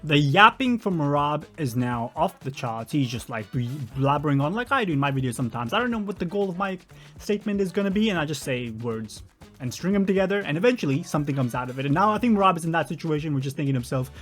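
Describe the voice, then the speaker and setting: Lively joking commentary host, man. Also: a little high, fast, soft background music. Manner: joking, rambling, sarcastic asides. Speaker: reaction video host. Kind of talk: casual commentary.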